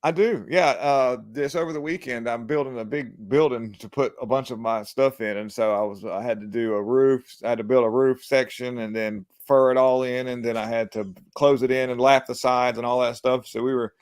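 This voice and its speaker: A man hosts a loose political chat, talking in a folksy, joking way and laughing often. His voice sits at an ordinary middle pitch. The sound is dry and close, with no room echo. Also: steady tone, normal speed, hardly any pauses, a little mellow. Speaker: show host.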